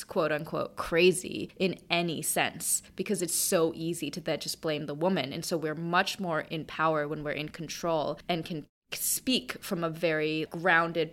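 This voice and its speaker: Young woman guest on a podcast, low voice, lively storyteller who acts out what people said. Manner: animated storyteller, acts out quoted lines. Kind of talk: casual interview storytelling.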